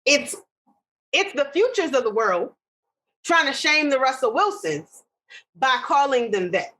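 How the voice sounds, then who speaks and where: High-voiced opinionated woman podcaster. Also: sing-song, bright, forceful tone, low-quality recording. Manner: opinionated, ranting, quick asides. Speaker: podcast co-host. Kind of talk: casual chat.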